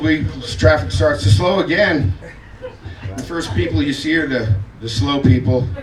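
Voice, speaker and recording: A man doing a stand-up comedy set, telling a story and acting out the scenes. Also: mid-range voice. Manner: animated storytelling, acts out scenes. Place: comedy club stage. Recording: echoey club from far off, loud audience laughter.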